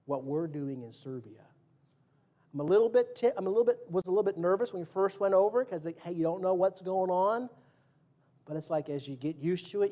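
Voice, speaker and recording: A man with a fairly high, warm voice preaches casually in a church sanctuary, joking, quizzing the congregation, and acting out quotes and sound effects.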